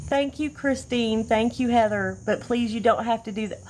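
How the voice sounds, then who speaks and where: A woman's voice: fairly high pitch, moderate pace, slight background noise. Chatty, effusive woman hosting a live tutorial. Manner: chatty, effusive, easily excited. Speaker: crafter hosting a livestream tutorial. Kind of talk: casual live demonstration. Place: outdoors or by an open window, fading daylight.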